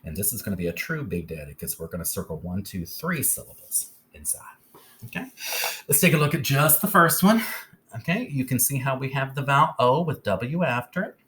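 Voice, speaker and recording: A man's voice: mid-range voice, very animated, brisk, sharp tone, a little hiss or hum. A man teaching a phonics lesson step by step, patiently checking in with "okay?" as he goes.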